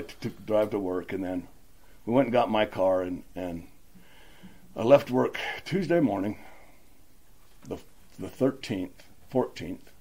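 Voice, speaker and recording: A man's voice: lowish voice, darkish tone, slightly rough. A middle-aged man from Utah telling his recovery story at a meeting, rambling and acting out the dialogue. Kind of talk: personal recovery story, casual.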